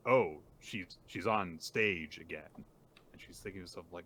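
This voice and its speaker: A man with a low, deep voice and a bright, forceful edge talks through comic chapters in casual podcast chat. He piles up "uh"s and "like"s as he retells scenes. He slips into quick voiced quotes for each character. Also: a little hiss or hum. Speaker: podcast co-host.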